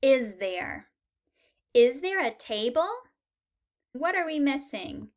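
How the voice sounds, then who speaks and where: A woman with a high-sitting, very animated voice teaches a beginner English lesson slowly. She patiently models short sentences and stresses key words so everything is clear.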